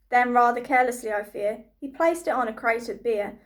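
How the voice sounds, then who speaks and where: A woman reading a rhyming storybook aloud to children with a lively, rhythmic delivery. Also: fairly high pitch, fairly quick.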